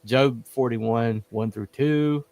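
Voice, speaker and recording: A man hosting a casual livestream chat, quoting scripture haltingly with many fillers. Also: medium pitch, a little mellow, dry recording. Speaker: host.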